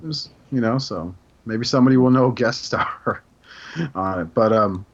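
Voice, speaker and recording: A man's voice: medium pitch, a little slow, highs cut off. A man hosting a casual podcast, joking and teasing his co-hosts. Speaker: podcast host. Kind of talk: casual chat.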